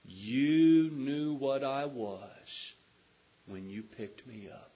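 Man doing a dying rattlesnake guy, begging soft and slow, bit husky, dull lo-fi sound. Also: medium pitch, lively intonation, full character voice. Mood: cold. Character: dying male rattlesnake, pleading and sly. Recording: dull lo-fi recording.

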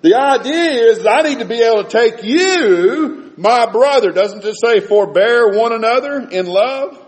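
A man preaching a sermon in a church, folksy and animated, dropping to soft low tones for emphasis. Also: a little slow.

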